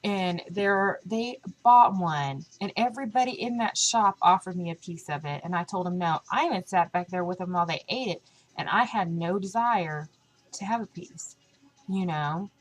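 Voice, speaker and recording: A young woman chatting casually on a diet vlog, full of fillers and animated retellings of what others said. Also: fairly low pitch, moderate pace, low-quality recording. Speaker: vlogger.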